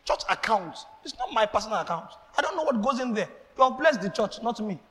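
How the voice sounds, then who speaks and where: A man preaching a sermon as pastor, animated, acting out exchanges and laughing as he speaks. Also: sits high, fast, big-room sound.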